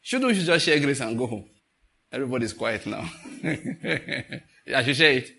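A man's voice: mid-range voice, big pitch swings, unhurried, creaky, bright, forceful tone, breathy edge. A man with a Nigerian accent preaching a sermon to a congregation, telling stories with chuckles and asking the listeners to answer. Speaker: pastor.

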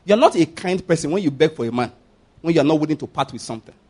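A man preaching a sermon as pastor, emphatic, often asking the congregation if they follow and swinging between loud and hushed delivery. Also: on the high side, animated, fast, slightly rough.

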